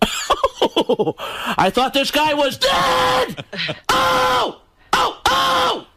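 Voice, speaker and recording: A man doing an impression of a loud screaming comedian with wild shrieking yells. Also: very high voice, big pitch swings, very slow, creaky, background noise, pitched above the performer's own voice, exaggerated voice. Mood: manic yelling. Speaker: impressionist guest.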